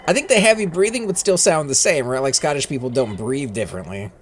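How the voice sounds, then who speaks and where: A man's voice: mid-range voice, animated, quick pace, slight background noise. Laid-back man joking over game chat. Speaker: gaming channel host. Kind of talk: casual chat while playing a game. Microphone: desk microphone.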